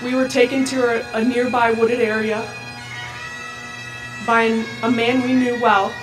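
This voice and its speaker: Woman giving slow, halting testimony. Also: fairly high pitch, little pitch movement, music in the background, poor audio. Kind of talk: personal testimony.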